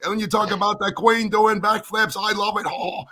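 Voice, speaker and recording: A man imitating a gushing, adoring young female online fan who giggles and speaks in a slow, sing-song way. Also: high-pitched, flat delivery, sharp tone, pitched above the performer's own voice.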